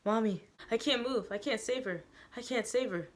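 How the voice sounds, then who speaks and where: A woman's voice: lowish voice, fairly even intonation, normal speed, natural voice. A woman voicing a frightened, troubled young man who cries out and pleads while caught in bad memories. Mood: desperate.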